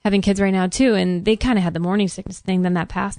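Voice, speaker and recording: A pregnant woman in her thirties co-hosting a podcast, telling her story in casual, animated chat and a little short of breath. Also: mid-range voice, fast, vocal fry, few pauses, no room sound, studio quality. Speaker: podcast co-host.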